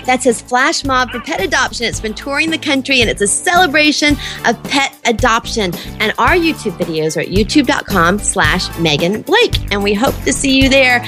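Bubbly high woman podcast host. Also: expressive, moderate pace, few pauses, music in the background. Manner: bubbly, exclaiming, gushing. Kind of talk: casual interview.

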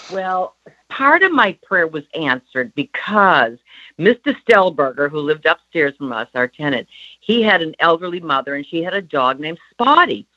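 Woman telling a story, bright dull recording. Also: deep voice, moderate pace. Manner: warm, lively storyteller. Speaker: co-author and guest. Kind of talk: storytelling in a chat.

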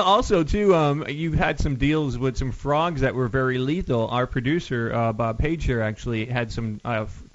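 A man's voice: medium pitch, highs cut off, a little hiss or hum. A male radio host interviewing a guest, joking and laughing often.

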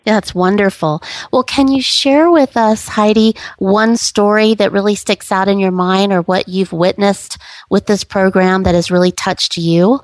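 A woman hosting a radio interview, warm and gushing as she prompts her guests. Her voice is dry and close, with no room sound. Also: mid-range voice, fairly even intonation, a little slow, no room sound. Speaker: radio host.

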